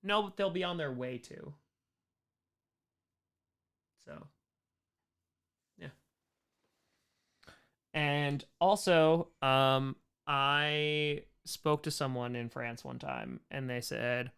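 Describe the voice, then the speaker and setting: A man's voice: on the high side, sing-song, slow, vocal fry, long pauses, a bit bright, clear, resonant tone. A young man hosting a casual livestream Q&A, reading viewer questions aloud and rambling through jokey answers. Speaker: host.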